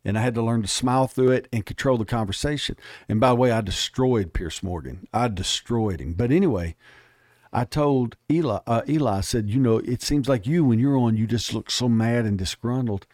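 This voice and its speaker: A man's voice: medium pitch, fairly quick, a little mellow, no room sound, clean studio sound. A man speaking as an interview guest, emphatic and plainspoken, telling stories in casual talk.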